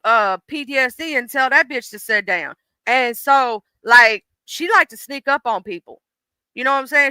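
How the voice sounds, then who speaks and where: Blunt, profane woman with a bright voice. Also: sits high, clear, resonant tone, no room sound. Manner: blunt, profane, animated storytelling. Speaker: live stream host. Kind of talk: comedic casual monologue.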